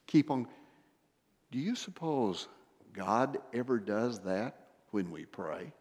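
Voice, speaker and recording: A male pastor preaching a sermon, addressing the congregation with rhetorical questions and swinging between a raised, emphatic delivery and hushed, intimate tones. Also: medium pitch, expressive, measured pace, in a large hall.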